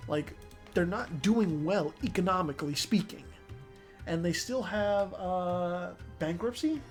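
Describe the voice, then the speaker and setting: An excitable strategy game commentator talks through a match in a loose, casual way, dropping swear words and tripping over restarts. The pitch sits right in the middle, with soft music playing faintly underneath. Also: measured pace.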